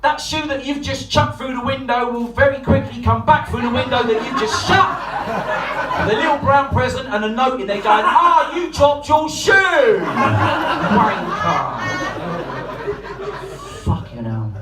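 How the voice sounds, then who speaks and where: High-voiced profane man in his forties doing stand-up. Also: fairly quick, over a noisy crowd, heavy background noise. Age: 40s. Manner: profane, rambling, self-mocking storytelling. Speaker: stand-up comedian. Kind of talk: stand-up comedy set. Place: comedy club stage before a live audience. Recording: roomy live hall from far off, music behind.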